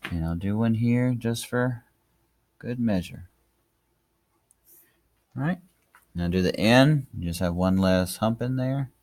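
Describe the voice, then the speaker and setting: A man with a gravelly, low voice walks viewers through cursive letters. He chats and encourages as he writes along. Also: slow, long pauses, a little mellow. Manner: chatty, encouraging, talks while writing. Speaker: handwriting teacher. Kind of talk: casual tutorial narration.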